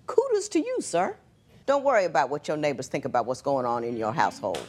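A woman's voice: low voice, sing-song, fast talker, slight background noise. A woman presiding as a TV court judge, lecturing in a stern, emphatic manner. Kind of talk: courtroom TV show judging.

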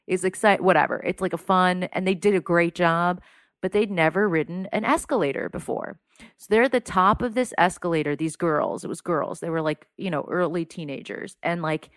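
Low-voiced woman telling animated stories. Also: clear, resonant tone, no room sound, studio quality. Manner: animated storyteller, heavy use of "like". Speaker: podcast guest. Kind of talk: casual chat.

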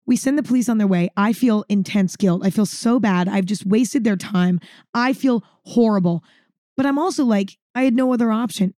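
A woman's voice: medium pitch, moderate pace, warm tone, no room sound, clean studio sound. A woman vlogger telling a story to camera in a casual monologue, dramatic and emphatic, repeating words for effect and swearing freely.

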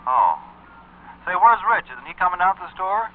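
A man playing an easygoing father who runs a drugstore, calm and laconic, in 1940s radio acting. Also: sits high, moderate pace. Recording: tinny old radio broadcast, faint hiss.

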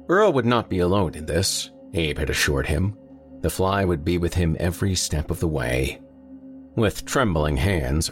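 Brief: male audiobook narrator, rumbling low voice, steady horror reading.

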